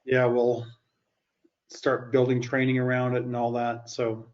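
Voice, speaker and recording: Enthusiastic, halting male co-host, heard on a slightly muffled line. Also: medium pitch, monotone. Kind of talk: casual chat. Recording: slightly dull lo-fi sound.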